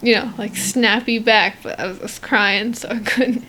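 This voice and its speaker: A woman's voice: medium pitch, steady tone, normal speed, sharp tone, a little hiss or hum. Give me a teenage girl co-hosting a podcast, rambling and giggling between fillers. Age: teens. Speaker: podcast co-host. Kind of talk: casual chat.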